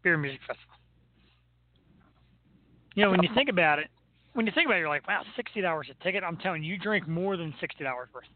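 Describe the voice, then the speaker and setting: High-voiced joking radio host, tinny sound. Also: male voice, lively intonation, quick pace, pauses often, slight background noise. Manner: storytelling, jokey, laughs often. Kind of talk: casual chat. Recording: narrow phone-like radio sound.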